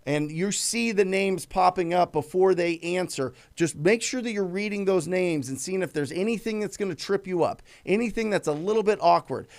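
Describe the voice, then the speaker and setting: A man's voice: high voice, darkish tone. A middle-aged man hosting a live show, coaching with emphatic repetition and acting out sample phone calls. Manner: emphatic, repeats key phrases, acts out sample calls. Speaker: live show host teaching real estate cold calling. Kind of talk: energetic live coaching talk.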